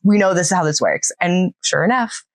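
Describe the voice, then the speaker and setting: Thirtyish woman podcast cohost, lowish voice, lively storytelling, laughs a lot. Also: fairly quick, no room sound. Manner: animated storyteller, laughs often. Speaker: podcast co-host. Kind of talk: casual chat.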